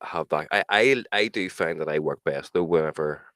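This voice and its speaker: A man's voice: extremely low pitch, moderate pace, a bit bright, no room sound, clean studio sound. A man, chatting casually as co-host about making music and telling prank call stories, swearing freely. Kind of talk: casual chat.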